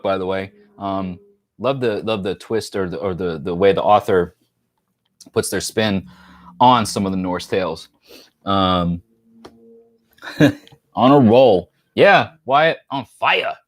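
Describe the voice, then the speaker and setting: A man's voice: deep voice, no echo, clean studio sound. A man from New York hosting a casual live stream, joking and rambling as he reads viewer comments aloud.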